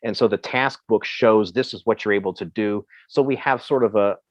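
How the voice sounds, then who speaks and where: A man from Ohio answering questions as a presenter in a video call, talking in a halting way with many fillers and restarts. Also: on the low side, dry recording, lo-fi sound. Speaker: presenter on emergency communications. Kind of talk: Zoom Q&A answer.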